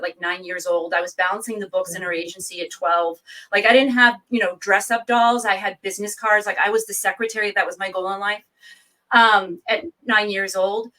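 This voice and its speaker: Lively, bright-voiced woman author. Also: medium pitch, far from the mic, poor audio. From New England. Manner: lively storyteller, quick asides. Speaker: author and guest. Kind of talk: casual interview chat.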